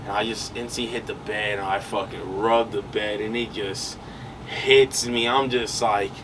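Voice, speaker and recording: A young man, co-hosting a podcast, spins a long, rambling storytelling chat loaded with slang and fillers. His voice sits on the low side with fairly even intonation and normal speed, and the mic is distant with background noise.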